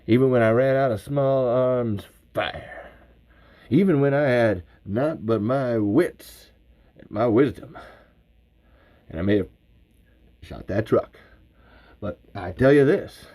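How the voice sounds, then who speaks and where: A man's voice: mid-range voice, vocal fry, darkish tone, full character voice. A man voicing a boastful, paranoid middle-aged survivalist in an improvised livestream, with a blustery, folksy drawl that slips toward Southern.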